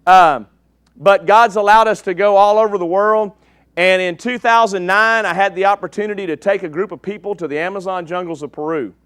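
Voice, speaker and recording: A man's voice: high-pitched, steady tone, fairly quick, a bit bright, smooth, no room sound, clean studio sound. A man preaching in a church, folksy and joking with the congregation. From East Texas. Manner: folksy and joking, checks in with "okay?". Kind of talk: sermon with a slide show.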